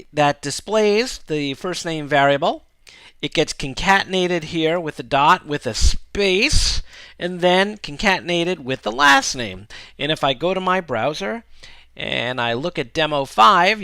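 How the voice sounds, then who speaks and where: Upbeat man teaching code, bright voice. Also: on the high side, dry recording. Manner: casual, upbeat, often checks in with "right?" and "okay?". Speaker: programming instructor. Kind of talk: screencast coding tutorial.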